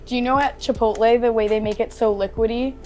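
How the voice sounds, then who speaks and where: Young woman guest in a kitchen, joking around, kinda high voice, music going. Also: fairly even intonation, fast, darkish tone. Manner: playful, joking. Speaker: guest cook. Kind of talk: casual chat.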